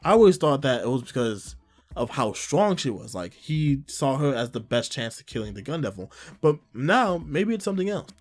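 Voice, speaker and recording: Casual male reviewer, mid-pitch voice, faint music playing under him, recaps scenes loosely. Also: sing-song, moderate pace. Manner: retells scenes with frequent "like" and short quoted lines. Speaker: manga chapter reviewer.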